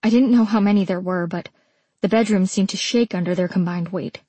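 Mellow husky female narrator. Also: mid-range voice, fairly quick, no echo. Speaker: audiobook narrator. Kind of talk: first-person audiobook narration.

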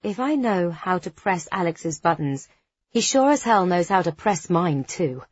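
A woman narrating a first-person novel as an audiobook, with a measured, expressive delivery. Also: fairly low pitch, slightly rough. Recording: dull, dry studio recording.

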